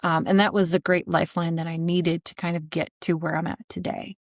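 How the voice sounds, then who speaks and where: A woman's voice: on the low side, level tone, brisk, no room sound, clean studio sound. A woman guest on a podcast, telling a personal story candidly, with a joking streak and many "you know" fillers.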